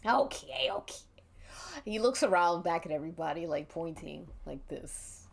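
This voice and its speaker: A woman's voice: fairly low pitch, animated, creaky, breathy edge. A woman streamer narrating a tabletop game as game master, giggly and playful. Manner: giggly, playful, slow-paced.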